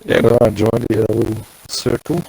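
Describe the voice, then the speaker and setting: A man co-commentating a sim racing league, joking with his co-hosts and jumping into high excited yelps. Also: moderate pace, vocal fry. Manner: excitable, jokey banter with sudden high yelps.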